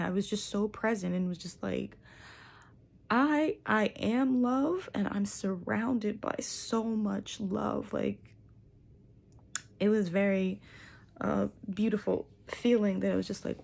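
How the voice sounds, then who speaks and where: Young woman, gravelly voice, earnest reflective storytelling, casual vlog talk. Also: mid-range voice, mellow. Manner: earnest, reflective, many likes and you knows. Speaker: vlogger sharing a spiritual journey.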